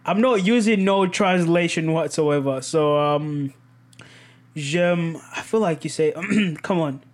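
A young man hosting a casual solo podcast, animated and self-mocking, laughing often as he stumbles through broken French phrases. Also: on the high side, takes it slowly. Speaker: podcast host.

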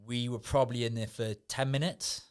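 A man's voice: medium pitch, fairly even intonation, brisk, clear, resonant tone. A man chatting casually on a podcast, telling laid-back anecdotes and swearing freely. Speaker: guest, former Ibiza events worker. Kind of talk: casual podcast chat, storytelling.

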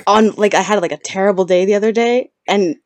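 A woman's voice: mid-range voice, quick pace, a little mellow, no room sound. A young woman chatting with friends in a dry, matter-of-fact way. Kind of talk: casual chat among friends.

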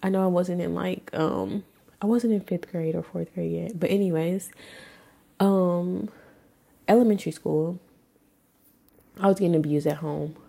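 A young woman in her twenties tells her own story as a podcast host, with a low, mellow voice. She speaks candidly and emotionally, with casual swearing. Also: a little slow, gravelly, long pauses, breathy edge. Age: 20s. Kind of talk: personal storytelling monologue.

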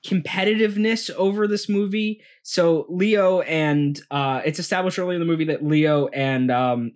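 Male podcast co-host, slightly high voice, rambling and easygoing, laughs a lot. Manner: rambling, laughs often, many fillers. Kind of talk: casual movie-review chat.

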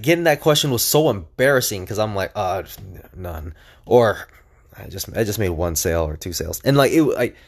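A young man talking alone on his podcast in a casual, energetic and chatty way, with lots of fillers and restarts. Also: a little high. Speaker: podcast host. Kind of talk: casual solo podcast monologue.

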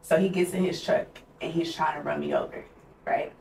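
This young podcast co-host has a deep, creaky, darkish voice, fairly even and a little fast. She tells a personal story in an open, casual style heavy with "like," and the distant mic picks up roomy echo and faint noise.

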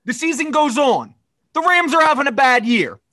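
High, animated man telling a story. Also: moderate pace. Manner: animated storyteller, mimics friend in quotes. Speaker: podcast host. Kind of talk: casual sports podcast banter.

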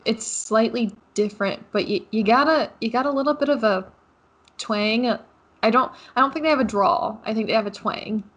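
A woman's voice: on the high side, fairly quick, few pauses, a bit bright, husky. A young woman co-hosting a podcast, chatting casually with wry jokes and giggles. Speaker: podcast co-host. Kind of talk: casual chat.

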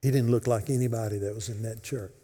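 A husky pastor preaches fast in a church sanctuary, his mid-range voice holding a steady tone as he alternates between ringing, emphatic statements and hushed whispers. His words fade into the long echo of a large hall.

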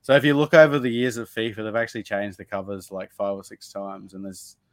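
Casting: a man with a lowish voice, easygoing podcast host reading viewer comments, dry close sound. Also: little pitch movement, fairly quick, no echo. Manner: reads viewer comments aloud, laughs easily. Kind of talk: casual podcast chat.

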